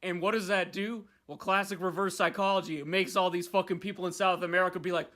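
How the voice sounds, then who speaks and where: A man's voice: high-pitched, a little fast, hardly any pauses. A young man hosting a podcast, rambling and swearing in casual chat. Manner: rambling, profane, animated. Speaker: podcast host.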